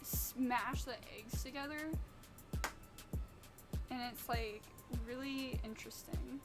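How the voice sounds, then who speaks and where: Chatty high-voiced woman streamer. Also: fairly even intonation, slow, over loud music. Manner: rambling, chatty, swears freely. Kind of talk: casual live-stream chat. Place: home kitchen, baking.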